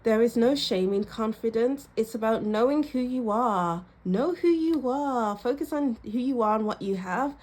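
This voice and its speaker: A woman's voice: on the high side, normal speed, few pauses, a little mellow. Female tarot reader, casual to-camera delivery, encouraging, repeats affirmations.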